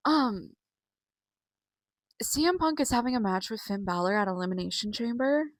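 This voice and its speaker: A woman's voice: on the high side, expressive, moderate pace, no room sound, low-quality recording. A young woman chatting casually from her bedroom, rambling with many fillers as she recaps wrestling shows. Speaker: wrestling vlogger. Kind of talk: casual chat.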